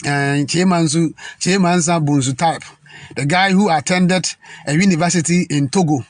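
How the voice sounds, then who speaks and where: A man from Ghana, delivering an indignant political rant full of halting restarts and repetition. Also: a little high, steady tone, dry recording. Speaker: political commentator.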